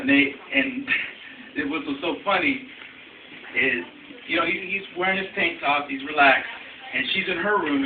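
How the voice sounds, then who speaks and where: A young man with a fairly high voice rambles through a story, padding it with "you know" and "I mean" and swearing freely. He's filmed indoors on a phone camera from across the room, so the video sounds echoey, distant, noisy and phone-quality.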